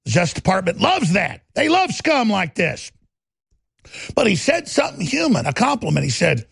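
A talk show host rants through a combative, sarcastic monologue. His voice is heavily gravelly and husky, with a slightly raised pitch. The sound is dry and close. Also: huge pitch swings, normal speed, a bit bright, dry recording. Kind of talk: political commentary monologue.

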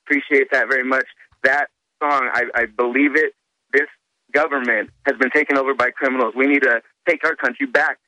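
A man calling in to a talk radio show, speaking hesitantly and often pausing on fillers. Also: mid-range voice, steady tone, sharp tone, dry recording, rough recording. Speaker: caller. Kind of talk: phone-in talk radio call.

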